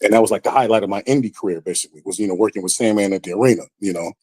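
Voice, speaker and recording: A man with a low, mellow voice tells a story on a podcast, casual and animated, and he puts on lively voices for the people he quotes. The sound is dry and close. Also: rapid-fire, no echo. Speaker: podcast guest.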